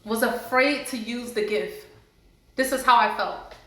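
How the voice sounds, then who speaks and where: A woman speaks straight to the camera, earnestly sharing her healing story. Her voice is bright and clear. The room rings with heavy echo. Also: on the high side, unhurried. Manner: earnest, heartfelt, faith-based encouragement. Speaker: vlogger sharing a personal story. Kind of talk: casual testimony to camera. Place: indoors, sitting before a camera. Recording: very echoey room.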